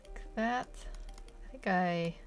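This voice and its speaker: A woman's voice: fairly low pitch, takes it slowly, lo-fi sound, faint music behind. A woman chatting casually while she draws, giggly and rambling, tired from a long day without sleep. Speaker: art channel host. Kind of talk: casual drawing commentary.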